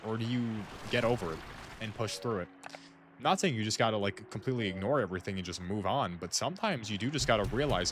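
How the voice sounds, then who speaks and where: A gaming streamer with a lowish voice talks fast over background noise, chatting casually while he plays. He rambles and muses aloud to friends, saying "like" constantly.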